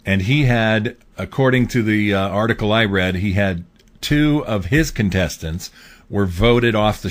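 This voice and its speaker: A man hosting his own show, talking through a political commentary monologue in a casual, rambling way with fillers. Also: fairly low pitch. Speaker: host.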